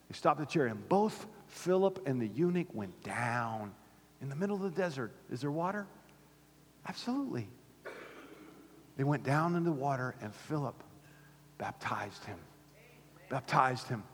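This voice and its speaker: A pastor preaching a sermon to his church, swinging from fervent high calls to low, quiet points. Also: expressive, moderate pace, pauses often, slightly rough. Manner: impassioned, rising to near-shouts then dropping low. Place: church sanctuary. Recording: long hall reverb.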